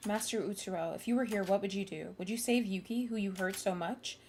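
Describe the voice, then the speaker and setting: Woman reads a resolute young heroine. Plain, earnest read over quiet game music. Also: mid-range voice, brisk, lightly acted. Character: determined young woman vowing to fight on. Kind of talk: reading game dialogue aloud.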